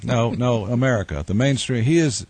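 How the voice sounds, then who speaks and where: Radio guest with a drawl, rambles and jokes dryly, studio interview. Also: male voice, mid-range voice, moderate pace, a little mellow. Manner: rambling, wry storytelling with restarts. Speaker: guest musician and author.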